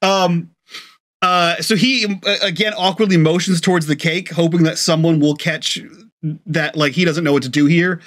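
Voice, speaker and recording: Man narrating a tabletop game, halting. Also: on the high side, fairly even intonation, a bit bright. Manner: hesitant, many filler ums and uhs. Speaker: game master.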